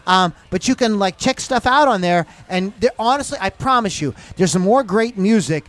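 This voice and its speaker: A man's voice: high-pitched, animated, moderate pace, fairly bright tone. A man hosting a rock podcast in a loose, rambling, jokey way. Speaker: podcast host. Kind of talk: casual chat.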